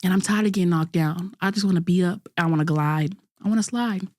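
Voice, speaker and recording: A woman's voice: fairly low pitch, brisk, darkish tone, no room sound. A young woman in her twenties hosting a podcast, talking through a candid, self-critical monologue in casual slang with frequent restarts. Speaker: podcast host.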